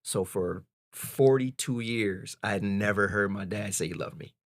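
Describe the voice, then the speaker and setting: Man in his forties, lowish candid storyteller. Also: normal speed, dry recording. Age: 40s. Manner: candid, animated retelling, peppered with "man". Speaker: podcast guest. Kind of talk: casual storytelling.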